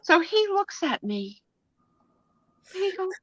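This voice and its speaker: A middle-aged woman hosting a live stream, telling a story in a casual, animated way, laughing and acting out the lines she quotes. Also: very high voice, slow pace, no echo, rough recording. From United States. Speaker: host.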